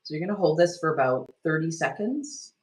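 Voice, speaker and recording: A woman leading a live online healing workshop, talking gently and loosely, with many restarts and fillers as she guides a self-care technique. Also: deep voice, expressive, a little fast, poor audio. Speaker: energy healing teacher.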